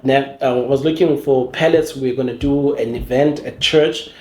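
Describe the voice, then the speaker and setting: A man with a Zulu-accented South African English accent, whose first language is Zulu, talking as a podcast guest in an animated storytelling way, often restarting his sentences and mimicking other people's voices. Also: medium pitch, normal speed, roomy sound. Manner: frequent restarts and fillers. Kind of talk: casual storytelling interview.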